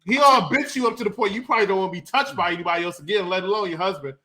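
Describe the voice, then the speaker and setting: Guy hosting a movie review show, high bright voice, loud and joking, retells scenes. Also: rapid-fire. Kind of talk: casual movie review chat.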